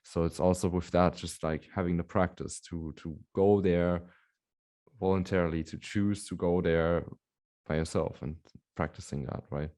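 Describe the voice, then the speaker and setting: A male podcast host in relaxed interview talk, affirming his guest with frequent soft murmurs of agreement. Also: low voice, moderate pace. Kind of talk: conversational interview.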